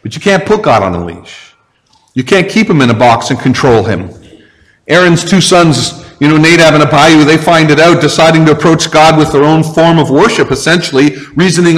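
A male pastor preaching a sermon in a church. He talks conversationally and slows down to lean hard on key phrases. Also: fairly high pitch, big-room sound. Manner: conversational, with slow, heavy emphasis on key phrases.

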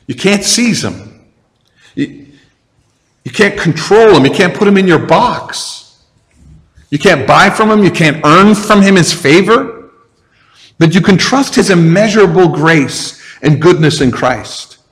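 A male pastor preaching a sermon in a church. He talks conversationally and slows down to lean hard on key phrases. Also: high voice, animated, fairly bright tone, long reverb tail. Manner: conversational, with slow, heavy emphasis on key phrases.

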